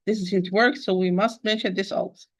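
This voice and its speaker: A woman's voice: medium pitch, fairly even intonation, brisk. Patient woman teaching Quran recitation. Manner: patient, repetitive, addresses listeners as dear sister. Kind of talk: online tajweed lesson.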